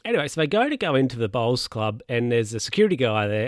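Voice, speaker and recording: A man's voice: medium pitch, sing-song, quick pace, no room sound, clean studio sound. A young man casually retelling a film's plot, rambling, chuckling and losing his place to check his notes. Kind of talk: casual film recap.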